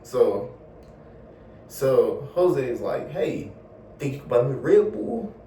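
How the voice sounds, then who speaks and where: A man's voice: mid-range voice, takes it slowly, recorded from a distance, slight background noise. Slangy young man telling a storytime. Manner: slangy, animated, swears a lot. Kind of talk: casual storytime vlog. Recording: roomy echo, a bit off mic, faint ambience.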